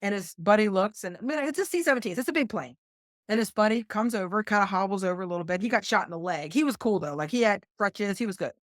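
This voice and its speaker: A middle-aged woman with a West Virginia accent, a combat flight nurse telling a story as a podcast guest, animated and acting out what others said. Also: mid-range voice, fast, dry recording, clean studio sound. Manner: animated, quotes others in lively voices. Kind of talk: conversational storytelling.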